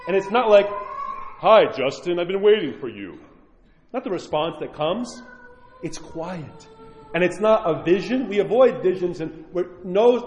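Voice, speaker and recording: A man preaching a sermon as a priest, impassioned, swinging from loud pleading to near-whispered prayer. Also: high voice, highs cut off. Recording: echoey church hall.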